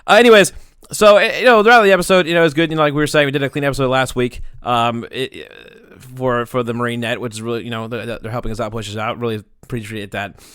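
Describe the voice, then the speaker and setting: A man's voice: medium pitch, fairly even intonation, fast talker, fairly bright tone, clean tone, no room sound, studio quality. A man rambling crudely through closing thoughts on a casual podcast, swearing and laughing as he goes. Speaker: podcast producer.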